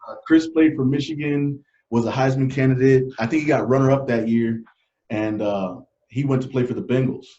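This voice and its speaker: A man telling stories from his life as a guest in a casual interview, earnest and animated, often laughing. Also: medium pitch, moderate pace. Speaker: podcast guest. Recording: dull lo-fi sound.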